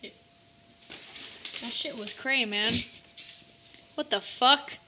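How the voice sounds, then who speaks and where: A woman's voice: fairly high pitch, slow pace, background noise. A woman guest on a comedy talk show, rambling in casual chat and swearing a lot. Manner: crude, rambling, heavy swearing.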